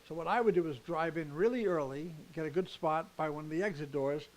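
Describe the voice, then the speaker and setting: A man's voice: fairly high pitch, fairly quick, poor audio. Older male comedian telling stories. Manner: rambling anecdotal storyteller. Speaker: comedian and festival host. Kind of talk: backstage interview. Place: backstage at a theater.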